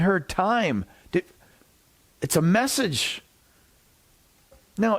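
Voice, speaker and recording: A man hosting a satirical news show, giving a sarcastic, mock-serious monologue with jokey asides and some laughter at his own flubs. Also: fairly high pitch.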